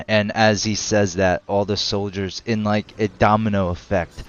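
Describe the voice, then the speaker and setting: A man's voice: fairly low pitch, level tone, measured pace, few pauses, smooth, no room sound, dull audio. A man narrating as game master of a tabletop game, laid-back and hesitant, often laughing.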